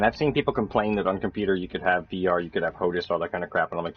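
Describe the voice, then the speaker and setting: Fast-talking husky man, lo-fi sound. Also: sits low, steady tone. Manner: rambling, loose, swears freely. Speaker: gamer streaming a match. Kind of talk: casual chat while gaming. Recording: dull lo-fi recording with faint music.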